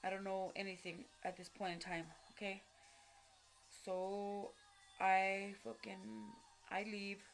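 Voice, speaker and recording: A woman with a creaky, medium-pitched voice and flat delivery speaks slowly to camera about her own life, in street slang with frequent swearing. She rambles, filling pauses and correcting herself constantly, over soft background music.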